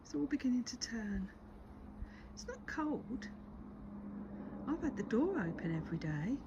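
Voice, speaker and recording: An older woman chats her way around her home garden, her voice rising and falling in a lively, sing-song way. She keeps slipping into a half-whisper between bright remarks, like she is letting you in on a secret. There is a faint outdoor hush behind her. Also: a little high, a little slow, lo-fi sound, background noise. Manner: chatty, often drops to a whisper, coos at her cat. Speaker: gardening vlogger. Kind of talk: casual walk-and-talk garden tour.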